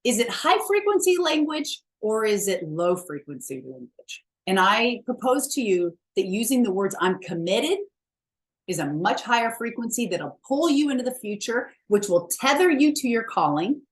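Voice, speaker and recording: A woman's voice: fairly high pitch, sing-song, moderate pace. A woman wellness coach giving a chatty, emphatic motivational talk, blunt and self-mocking, with the odd swear word.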